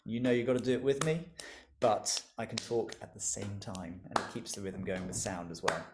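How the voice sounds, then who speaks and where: A man's voice: fairly low pitch, a little fast, heavy background noise. A man leading an interactive online music lesson over a video call, encouraging and playful, laughing often as he leads the group in call-and-response.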